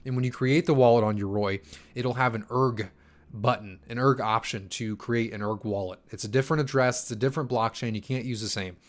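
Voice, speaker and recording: A man's voice: mid-range voice, fairly even intonation, a little fast. Tired young man chatting on a livestream. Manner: loose and chatty, many fillers and restarts. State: tired from poor sleep. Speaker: crypto channel host answering chat. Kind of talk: casual live-stream Q&A.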